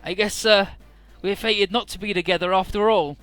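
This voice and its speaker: A man's voice: high voice, fairly even intonation, moderate pace, a bit bright, clean tone, no echo, soft background music, voice pushed up. A man voicing a scheming young woman who speaks in a theatrical, melodramatic, pleading way.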